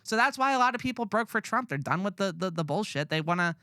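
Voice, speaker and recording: Profane ranting man, bright crisp voice. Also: high voice, animated, quick pace, no echo, studio quality. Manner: blunt, profane, rambling rants. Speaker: podcast co-host. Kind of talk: casual opinionated chat.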